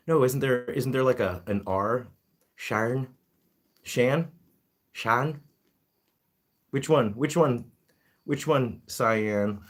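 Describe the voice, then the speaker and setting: A man hosting a casual live-stream chat, reading viewer comments and talking to his guinea pigs. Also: fairly low pitch. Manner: chatty, reads comments aloud, talks to his pets.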